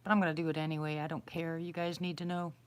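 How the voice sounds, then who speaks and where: A middle-aged woman with a slightly low voice chats loosely on a live stream, outdoors at night. She rambles and restarts as she answers her viewers one by one, in a plain, homey way. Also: level tone, fast, clean tone. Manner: rambling, chatty, answers chat questions aloud. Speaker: livestream host answering viewers. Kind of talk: casual live-stream chat.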